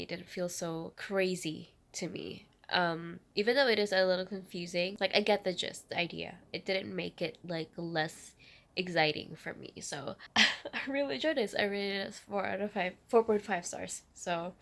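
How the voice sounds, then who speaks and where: A young woman from the Philippines talks through her reading week in a loose, rambling vlog style. Her voice carries a gravelly, fry-tinged edge. She sits at a middle pitch for a woman. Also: a bit bright. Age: 20s. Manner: rambling, self-correcting, chatty. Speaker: book vlogger. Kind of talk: casual reading vlog chat.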